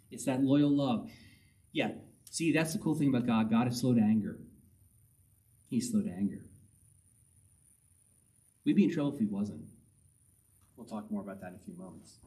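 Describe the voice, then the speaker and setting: A man's voice: medium pitch, darkish tone. Man preaching a conversational sermon from a distance. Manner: conversational preaching, reads scripture aloud, emphatic repetition. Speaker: pastor.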